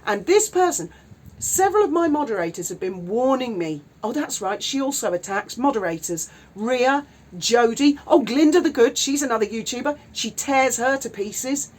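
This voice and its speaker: A woman's voice: on the high side, lively intonation, normal speed, a little mellow. A woman, indignantly ranting and swearing in a vlog. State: widowed. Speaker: YouTuber. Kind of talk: angry vlog rant.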